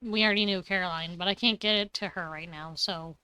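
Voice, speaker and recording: A woman's voice: lowish voice, a little fast, pushed and bright, clean tone, no room sound. A young woman streaming a farming game, chatting casually and talking to the characters on screen. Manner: chatty, talks to game characters, laughs and coughs often. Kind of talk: casual gameplay commentary.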